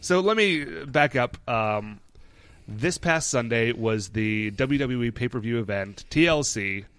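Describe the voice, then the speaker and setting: Guy with dry deadpan humor cohosting a podcast, dead dry mic, mid voice. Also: mid-range voice, measured pace, clean tone, no echo. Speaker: podcast co-host. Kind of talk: casual chat.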